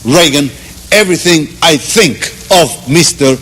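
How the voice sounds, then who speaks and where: A man's voice: fairly high pitch, expressive, unhurried, fairly bright tone, big-room sound, slight background noise, voice pushed up, low-quality recording. A man voicing a boastful American man who lectures and repeats himself as he brags. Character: boastful male American man bragging about freedom.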